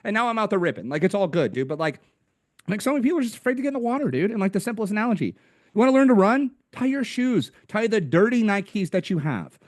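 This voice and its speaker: A young American man, a podcast guest, telling stories in a slangy, energetic, casual way. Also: sits high, rapid-fire, no echo, clean studio sound. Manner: energetic, slangy storyteller, says "dude" a lot. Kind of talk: casual interview chat.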